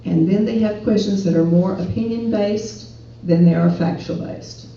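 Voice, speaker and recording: A woman gives an earnest, persuasive public speech, often putting questions to the crowd. Her voice is mellow and dark. It is recorded from well back in a very echoey hall, with a dull, muffled sound. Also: medium pitch, moderate pace, distant mic, a little hiss or hum. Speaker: speaker at a political rally. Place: event hall.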